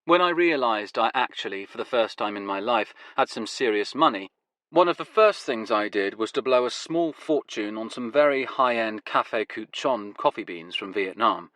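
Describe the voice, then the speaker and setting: Bright-voiced male audiobook narrator. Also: fairly low pitch, animated, moderate pace, no echo. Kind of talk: first-person scripted narration.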